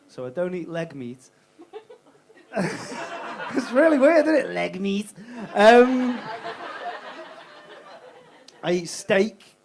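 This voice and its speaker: A man's voice: a little high, a little hiss or hum. A young man doing a stand-up set in a comedy club, bantering cheekily with the crowd and swearing freely.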